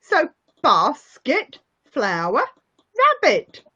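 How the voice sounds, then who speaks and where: A woman's voice: fairly high pitch, big pitch swings, pushed and bright. A woman teaching a phonics lesson to young learners, encouraging and praising them often. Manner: encouraging, slow and sing-song, praising often. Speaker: English teacher. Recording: muffled lo-fi audio.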